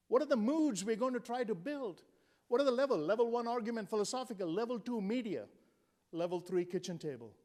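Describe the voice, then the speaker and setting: Motivational speaker, man, 60s, from India; high voice, punchy comic timing, rhetorical questions. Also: a little mellow. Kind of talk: humorous motivational speech.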